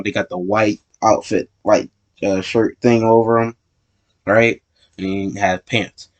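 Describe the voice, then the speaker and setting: A man with a fairly low voice tells a story in a loose, casual way. He wanders through the telling, restarting and correcting himself as he goes. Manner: rambling, self-correcting retelling.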